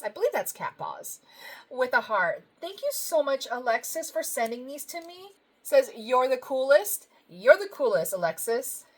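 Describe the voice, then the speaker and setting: A woman with a fairly high voice chats through her happy mail like a budgeting vlogger talking to friends. She gushes over every card, thanks each sender warmly, and laughs softly as she goes. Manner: gushing, effusive, lots of thank-yous and soft laughs. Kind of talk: casual vlog, opening happy mail.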